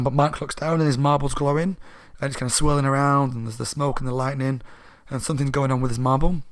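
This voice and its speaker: A man with a sore throat casually retelling a book plot as a reviewer, rambling and animated. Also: medium pitch. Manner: rambling, animated, laughing asides.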